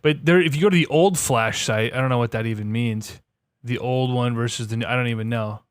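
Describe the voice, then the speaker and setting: A man's voice: mid-range voice, fairly quick, clear, resonant tone, dry recording, studio quality. A man co-hosting a casual gaming podcast, telling stories with lots of energy and frequent swearing. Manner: animated storyteller, swears freely. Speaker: podcast co-host.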